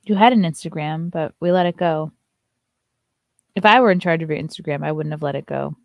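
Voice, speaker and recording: Her voice is gravelly and fairly quick as this woman comic, host of a morning show, chats casually, reads out viewer comments, and switches to sing-song baby talk for her dog. The recording is dry, close, and muffled, with no room sound.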